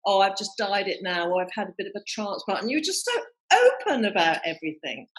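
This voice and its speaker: A woman hosts a casual podcast chat, candid and quick to laugh. Her pitch swings widely up and down as she talks. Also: sing-song, low-quality recording. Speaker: podcast host.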